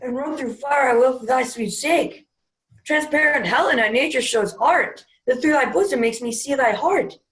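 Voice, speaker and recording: A woman's voice: sits high, lively intonation, moderate pace. A young woman playing an impulsive, ardent young man, speaking earnest verse in an amateur student Shakespeare performance over an online call. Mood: passionate. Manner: earnest verse delivery, often soft. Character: ardent young male lover, impulsive and fickle. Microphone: video call.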